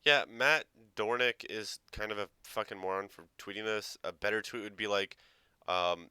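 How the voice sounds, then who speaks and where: Sarcastic man with a bright crisp voice. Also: fairly low pitch, normal speed, no room sound. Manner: sarcastic, swearing, mocking quotes. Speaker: reaction video host. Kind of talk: casual reaction commentary.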